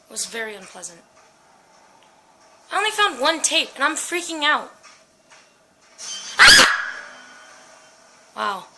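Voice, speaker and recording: A woman's voice: sits high, big pitch swings, moderate pace, long pauses, bright, forceful tone, slight background noise, low-quality recording. A young woman playing a horror game at home, frightened and jittery, swearing and talking to her viewers and her dog. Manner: swears and screams. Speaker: gaming channel host. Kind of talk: horror game let's play commentary.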